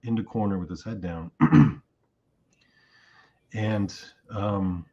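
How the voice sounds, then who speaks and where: A man's voice: on the low side, slow pace, lo-fi sound. A man being interviewed, telling a long dream story in casual talk and acting out what he said in it. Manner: animated retelling of a dream, acting out his own lines. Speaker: interview guest.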